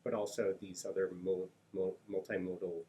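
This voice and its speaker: An interviewer asking a long question in halting phrases, full of fillers and restarts. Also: low voice, little pitch movement, warm tone. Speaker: journal interviewer. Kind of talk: conversational academic interview. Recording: faint background noise.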